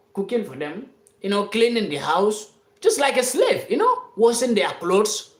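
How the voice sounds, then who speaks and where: A mid-pitched speaker delivers a heated, unscripted monologue straight to an online audience. The talk is insistent and circles back on the same phrases, sometimes swelling into a shout. The voice rings in an echoey room. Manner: fiery and insistent, repeating phrases, rising to shouts. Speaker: live-stream commentator addressing followers. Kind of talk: impassioned off-the-cuff monologue.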